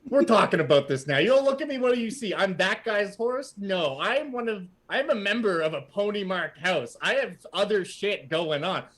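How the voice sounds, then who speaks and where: A man's voice: on the high side, big pitch swings, unhurried, fairly bright tone. A man voicing a rude, grumpy male toy horse who talks bluntly.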